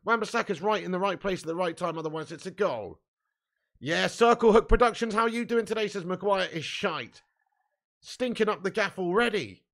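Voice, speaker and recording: A man hosting a live fan watch-along, commentating excitably, swearing freely and shouting at chances. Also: sits high, moderate pace.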